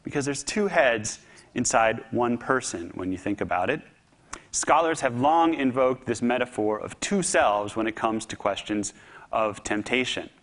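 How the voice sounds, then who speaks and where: A man giving a public talk, telling a story with humor and lively delivery. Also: mid-range voice, measured pace. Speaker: speaker.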